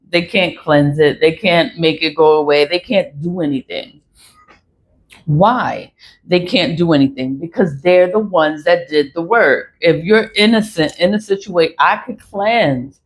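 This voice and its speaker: A woman's voice: on the low side, low-quality recording. A woman talking straight to camera about her spiritual cleansing practice, blunt and swearing, laughing between her points. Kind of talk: casual monologue to camera.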